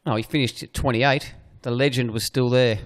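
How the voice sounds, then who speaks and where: Male co-host, middle-register voice, relaxed anecdote-telling with a playful streak. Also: mid-range voice, normal speed. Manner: rambling, playful storyteller. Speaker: podcast co-host. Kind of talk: casual sports chat.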